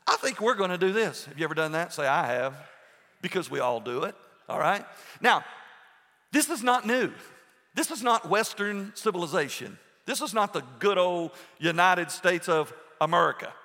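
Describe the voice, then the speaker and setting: Bright high-pitched preaching man, echoey hall. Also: animated. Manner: earnest preaching with pauses and restarts. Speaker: pastor. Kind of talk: sermon.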